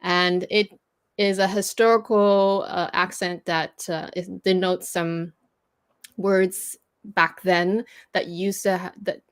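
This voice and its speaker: A woman's voice: lowish voice, level tone, slow pace, smooth. A native French-speaking woman hosting a casual livestream, patiently explaining French pronunciation with frequent fillers and restarts. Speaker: host teaching French pronunciation.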